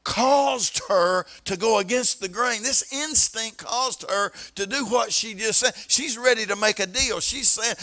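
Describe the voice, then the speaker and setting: A man preaching with a Southern East Tennessee accent, his voice high and ringing bright. He tells stories from the pulpit, repeating himself as he builds up and stretching out the words he wants to land. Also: measured pace, hardly any pauses. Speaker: pastor. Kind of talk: sermon. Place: church sanctuary.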